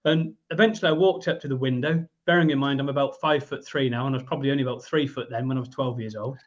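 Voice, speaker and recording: An English man in his fifties, a guest in an interview, telling a long story with lively energy and slipping into the voices of the people in it. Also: medium pitch, very fast. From England. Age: 50s. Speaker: guest, business owner. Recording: muffled lo-fi audio.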